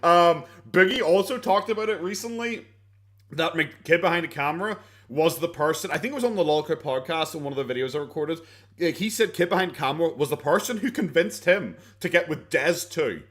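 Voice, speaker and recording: A man's voice: a little high, animated, brisk. An Irish man reacting to a video in casual commentary, rambling, sarcastic and swearing freely, often laughing. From Ireland.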